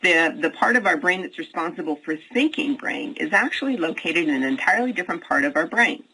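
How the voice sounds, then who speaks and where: A man's voice: fairly high pitch, lively intonation, brisk, pushed and bright, slightly rough, poor audio. A man giving a recorded webinar as a leadership trainer, explaining step by step and often restarting his sentences. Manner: explanatory, with restarts and repeated words.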